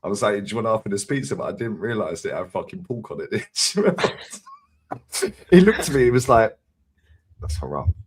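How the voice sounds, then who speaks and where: A man's voice: lowish voice, animated, fast, slight background noise. A man with a London accent, co-hosting a fan stream and telling stories in casual chat, laughing and swearing freely. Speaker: co-host of a football fan channel.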